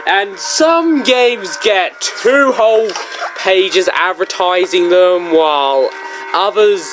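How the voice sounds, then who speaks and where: A video reviewer talking casually through a book, in a rambling, joking manner with big swings in pitch. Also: expressive, slow, music in the background.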